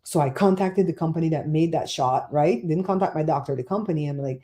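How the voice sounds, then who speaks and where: A middle-aged woman hosting a casual livestream from home, chatting and telling stories in an animated way. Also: sits low, quick pace. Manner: chatty, animated storyteller reading chat. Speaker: livestream host.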